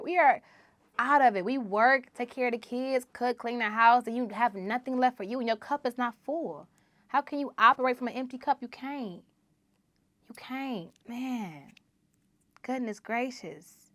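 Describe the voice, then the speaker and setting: A woman hosts a solo podcast and preaches with emphatic repetition. Her bright, forceful voice swings from loud exhortation to quieter asides. The sound is dry and close, with no room around it. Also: a little high, dry recording. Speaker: podcast host.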